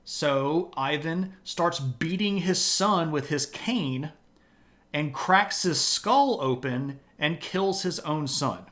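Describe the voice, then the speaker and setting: A man's voice: fairly high pitch, slow, fairly bright tone. A man telling history in a loose, conversational way with wry asides, streaming live from a home setup. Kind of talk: casual history storytelling.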